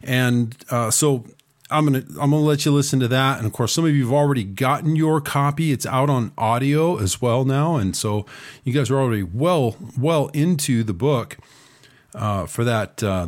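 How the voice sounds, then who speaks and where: A man's voice: mid-range voice, moderate pace. Man hosting talk radio with a cold. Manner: sarcastic asides, frequent "uh" fillers. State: recovering from a cold, talking with a lozenge in his mouth. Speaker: radio show host. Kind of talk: talk radio news commentary.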